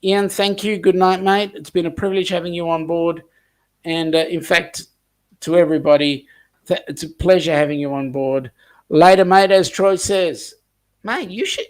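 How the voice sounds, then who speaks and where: Australian man, livestream host, casual rambling chat, lots of ums, fairly high voice. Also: moderate pace. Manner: rambling, warm sign-off with many ums, reads viewer comments aloud.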